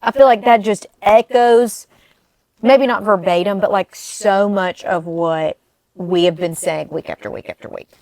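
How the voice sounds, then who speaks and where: A woman's voice: mid-range voice, measured pace, darkish tone, no echo. Chatty woman co-hosting a podcast. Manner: chatty, leading the segment. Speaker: podcast co-host. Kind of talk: casual political chat.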